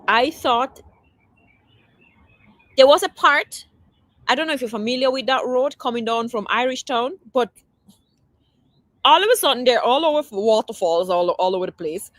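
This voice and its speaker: A woman with a slightly high voice hosts a casual livestream, chatting loosely and answering viewer comments as they come in. She rambles and restarts her sentences often. The sound is close and dry. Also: animated, a little slow, a bit bright, dry recording. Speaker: livestream host.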